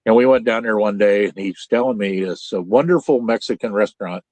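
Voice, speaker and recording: A man's voice: fairly low pitch, brisk, a little mellow, no echo. Older folksy rambling man, dry sound. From central Illinois. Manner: folksy, rambling storyteller with many restarts. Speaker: podcast host. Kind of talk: casual chat. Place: home trailer. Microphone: Starlink video call.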